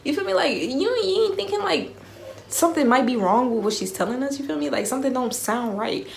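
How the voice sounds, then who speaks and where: A woman's voice: sits high, expressive, a little fast, gravelly, reverberant, slight background noise. A young woman vlogger in casual storytime mode. She talks in slang and keeps checking that the listener is following.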